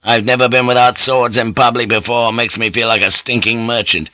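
A man reading an audiobook and voicing a grizzled, tough old general who speaks gruffly and bluntly. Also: mid-range voice, fairly even intonation, fairly quick, sharp tone, no room sound, natural voice. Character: grizzled tough older male army general.

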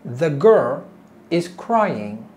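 Woman ESL teacher, low voice, very slow, lively pitch, repeats words for learners. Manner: teacherly, asks learners questions. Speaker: English teacher. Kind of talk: slow, deliberate ESL lesson.

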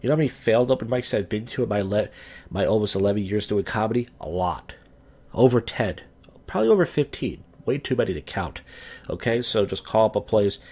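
Middle-aged drunk comedian hosting a solo podcast, low voice, loose and slurring. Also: male voice, animated, a little fast, warm tone. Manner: slurred, loose, crude, wandering storytelling. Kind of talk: rambling casual podcast monologue.

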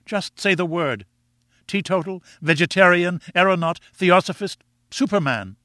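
A man's voice: high-pitched, lively intonation, unhurried, pushed and bright, dry recording, clean studio sound, pitched above the performer's own voice, heavily acted. A man doing an eager, lovestruck young man. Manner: eager, pleading.

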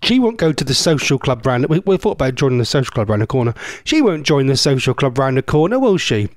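Speaking fast in a sing-song, mid-range voice, a man fronts a radio show, rambling and joking with listeners about the messages they've sent. He teases them and throws in mock-posh asides. The sound is dry and studio-clean.

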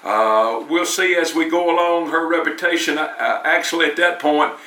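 A man's voice: a little high, normal speed, bright, forceful tone. A man preaching a sermon in a church, talking in a conversational way and often repeating words as he restarts. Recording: roomy, distant mic.

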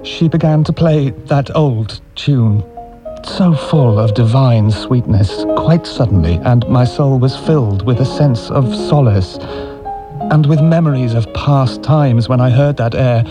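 Anguished man in a slow dramatic reading. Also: mid-range voice, music in the background. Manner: anguished, emotional. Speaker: reader.

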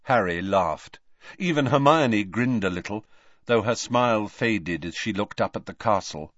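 A man reading a story aloud as audiobook narrator in a measured, expressive way. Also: lowish voice, no room sound. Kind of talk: scripted narration. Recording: slightly dull, dry audiobook recording.

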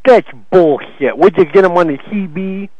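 A man's voice: sits high, normal speed, a crowd in the background. A man making a prank phone call, belligerent and taunting, swearing constantly. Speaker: prank caller. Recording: muffled phone call recording.

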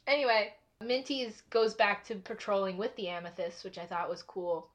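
A woman's voice: mid-range voice, steady tone, normal speed. A woman recapping a cartoon episode in casual chat, rambling with frequent likes and laughs.

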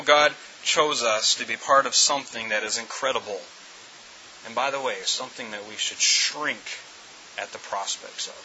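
A middle-aged male pastor delivering a sermon in an emphatic way, often doubling back on words and restarting his phrases. His voice is strikingly bright and tense. The recording is dull and lo-fi, with a faint hiss running underneath. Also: medium pitch.

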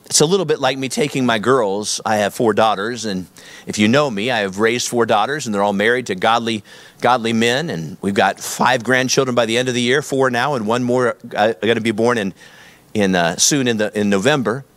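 A man's voice: medium pitch, fairly quick, fairly bright tone, no room sound. A middle-aged man, a pastor preaching a sermon in an emphatic, repetitive storytelling manner.

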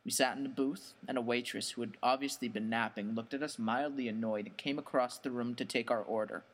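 A man's voice: medium pitch, fairly even intonation, a little fast. Man narrating a horror story.

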